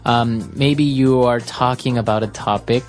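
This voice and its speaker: Deep-voiced woman hosting an English lesson. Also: measured pace, soft background music. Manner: steady, explanatory, frequent affirmations. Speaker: podcast host, English teacher.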